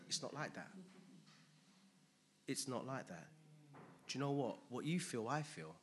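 A man preaching a sermon, emphatic and animated, asking his listeners rhetorical questions. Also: medium pitch, normal speed, a little hiss or hum.

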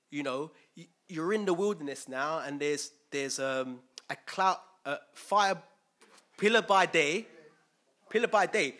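A man preaching with a bright, forceful edge, sitting a little high for a man. He talks to his listeners casually and quizzes them as he goes. He slips into little voices for the people in his story. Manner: lively, conversational, acts out quotes, asks listeners questions. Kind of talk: sermon.

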